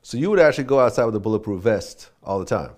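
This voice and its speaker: A male interviewer asking calm, brief questions and follow-ups. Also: fairly low pitch, very fast.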